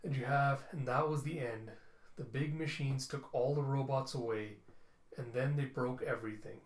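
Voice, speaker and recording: A man narrating a comic book readthrough in an animated, emotional way. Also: mid-range voice, moderate pace. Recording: echoey room.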